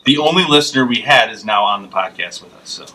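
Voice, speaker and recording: Bright-voiced man, casual podcast banter. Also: lowish voice, lively intonation, fast talker, recorded from a distance, poor audio. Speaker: podcast co-host. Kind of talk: casual chat.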